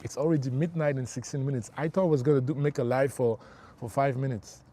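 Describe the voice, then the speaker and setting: A man's voice: mid-range voice, steady tone, quick pace, mellow. A middle-aged man working as a spiritual life coach, giving an emphatic motivational livestream talk. He repeats his key phrases and calls his listeners bro.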